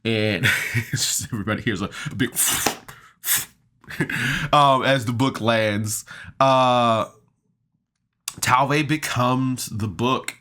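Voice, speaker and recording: A man's voice: mid-range voice, takes it slowly, pauses often, bright, forceful tone. A man casually recapping a tabletop game episode on a podcast, chatty and enthusiastic, with laughs and fillers. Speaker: podcast reviewer.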